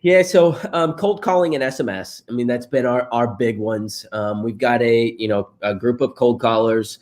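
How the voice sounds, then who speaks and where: A man's voice: medium pitch, moderate pace, a little mellow. A married man, a guest in a casual interview, telling stories with frequent laughs and fillers. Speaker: interview guest, real estate investor.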